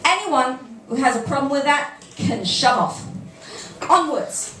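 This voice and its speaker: A woman's voice: high voice, expressive, unhurried, a bit bright, soft background music. A British woman reading her own humorous first-person piece aloud at a live reading evening, with a wry, self-mocking comic delivery. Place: café event room. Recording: echoey room, mic far off, background noise.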